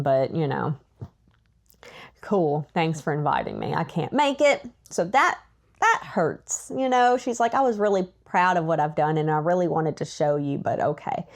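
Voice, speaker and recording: A woman hosting a book podcast, casually recapping a novel in a chatty, animated way and acting out the characters' lines. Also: on the low side. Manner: chatty, animated retelling with laughs and acted-out quotes. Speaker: podcast host.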